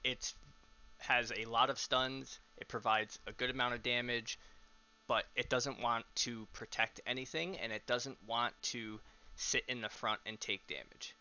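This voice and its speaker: A young man coaches his teammates over a voice call in a relaxed, step-by-step way, dropping frequent ums as he goes. His tone is strikingly bright and sharp, and it comes through dull, lo-fi call audio. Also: mid-range voice, measured pace, clear, resonant tone. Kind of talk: casual coaching over voice chat.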